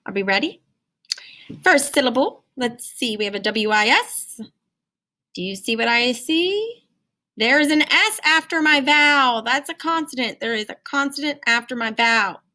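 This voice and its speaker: A woman's voice: sits high, lively intonation, moderate pace, bright, forceful tone. A woman teaching a phonics lesson to children in a singsong, encouraging way. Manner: singsong, encouraging, talks to young learners.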